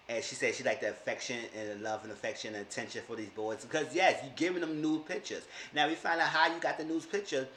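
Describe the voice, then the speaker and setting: A man's voice: medium pitch, fairly even intonation, fast, hardly any pauses, fairly bright tone, roomy sound, slight background noise. A man in his thirties giving a casual, emphatic TV episode recap, repeating himself when annoyed. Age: 30s. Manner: emphatic, exasperated, repeats phrases. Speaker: TV episode reviewer.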